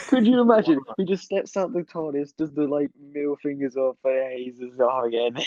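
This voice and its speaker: A man's voice: on the high side, moderate pace, darkish tone, dry recording, muffled recording. A man co-hosting a podcast, chatting casually, swearing freely and laughing at his own jokes. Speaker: podcast co-host. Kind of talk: casual chat.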